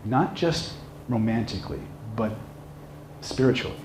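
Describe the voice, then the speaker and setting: Speaking a little slowly with a fairly low voice, this trainer runs a live seminar full of stories. He performs the characters with animation, shouting their lines, while the echoey room carries faint noise.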